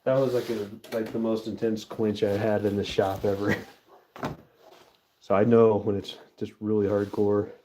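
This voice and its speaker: Laid-back low-voiced man live-streaming. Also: flat delivery, moderate pace, dark tone, a little hiss or hum. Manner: laid-back, chatty, talks to viewers and his dog. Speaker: livestream host pouring metal. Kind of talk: casual live-stream chat.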